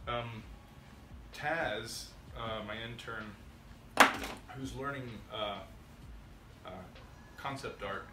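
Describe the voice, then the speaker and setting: A man's voice: mid-range voice, noisy background. A man chatting casually through a workshop tutorial, rambling and self-deprecating. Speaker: maker vlogger. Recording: roomy workshop audio, distant mic, music underneath.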